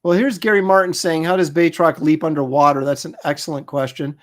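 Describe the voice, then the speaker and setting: A middle-aged man in casual livestream chat, relaxed and talkative, co-hosting a show and reading viewer comments aloud. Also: a little high, a little fast. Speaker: comic artist and show co-host.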